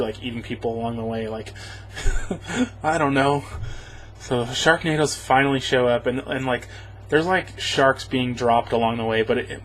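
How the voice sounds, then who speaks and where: A man's voice: medium pitch, slight background noise, rough recording. A man casually recapping a movie for a review, rambling and sarcastic, chuckling often.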